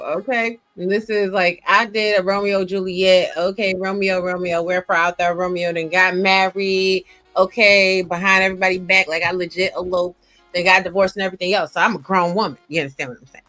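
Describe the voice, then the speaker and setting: A woman's voice: medium pitch, pushed and bright, no room sound. A woman telling a sassy, emphatic story in a casual podcast chat, often stressing points with "okay.".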